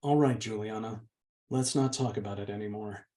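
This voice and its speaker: A man reading aloud, voicing a meek and gentle young woman who pleads softly with her older sister. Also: on the low side, normal speed, natural voice. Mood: tender. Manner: soft, pleading. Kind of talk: audiobook reading.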